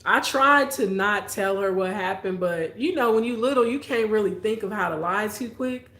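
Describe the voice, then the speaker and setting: A woman's voice: medium pitch, moderate pace, a bit bright. A young adult woman, telling childhood stories and chatting with viewers on a late-night live stream, laughing often. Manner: laughs often, storytelling, reads viewer comments. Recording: echoey room.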